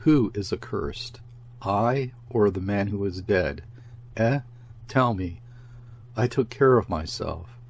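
A man's voice: fairly low pitch, a little mellow. A man voicing a grief-stricken young peasant wife in an audiobook, pouring out bitter words in a rush.

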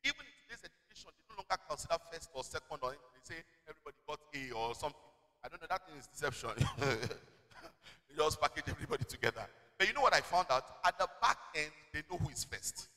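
Pastor, male, high bright voice, lively sermon delivery, church hall reverb. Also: fast talker. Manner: animated preaching with call-and-response and storytelling.

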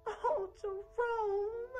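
A man voicing a swooning, breathy lovestruck woman from a cheesy romance movie. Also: very high-pitched, steady tone, extremely slow, a little mellow, soft background music, full character voice. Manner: breathy, sighing, drawn out.

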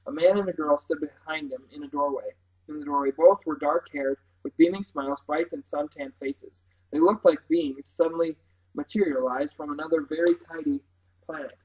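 A man reading a children's novel aloud in steady, clear storytelling. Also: a little high, normal speed, low-quality recording. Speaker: reader.

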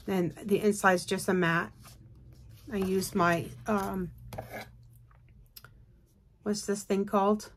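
A woman hosts a craft video in a relaxed, rambling way, full of fillers and little restarts. She sounds tired and keeps yawning as she chats to her viewers. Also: medium pitch, takes it slowly, long pauses, slight background noise. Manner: chatty, rambling, with many fillers. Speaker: craft channel host. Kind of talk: casual show-and-tell chat.

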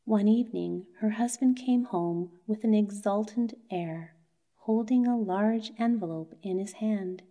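Soothing, mellow woman storyteller. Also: medium pitch, muffled recording. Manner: soothing, slow and soft. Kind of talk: bedtime story narration.

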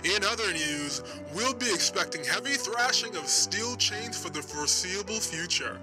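An actor playing a sinister, smiling TV news anchor with a cheerful newsreader tone in a horror story. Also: male voice, high-pitched, lively intonation, normal speed, over music, low-quality recording. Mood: cheery. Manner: cheery newsreader tone turning menacing. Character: sinister grinning TV news anchor, adult man.

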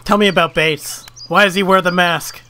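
A man's voice: high-pitched, steady tone, moderate pace, sharp tone. A man doing let's play commentary, frustrated and swearing at the game. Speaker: gaming video host.

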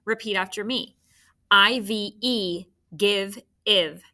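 A woman teacher leading a phonics sound drill for children to repeat, clearly enunciated. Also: mid-range voice, slow, sharp tone.

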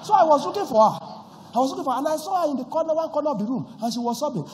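Male pastor, high animated voice, swings from hushed story to shouting, long church hall reverb. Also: rapid-fire, a little hiss or hum. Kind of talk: sermon with personal story.

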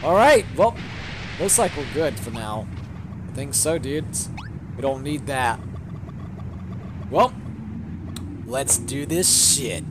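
Excitable, cursing young man streaming a game. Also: on the high side, unhurried, long pauses, noisy background. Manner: excitable, profane, shouts during fights. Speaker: gaming streamer. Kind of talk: live game commentary.

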